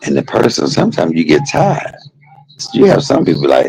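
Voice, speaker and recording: Gravelly, low-voiced man telling stories. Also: a little fast, slight background noise, poor audio. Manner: animated, laughing, swings between joking and heartfelt. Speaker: streamer. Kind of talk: casual storytelling monologue.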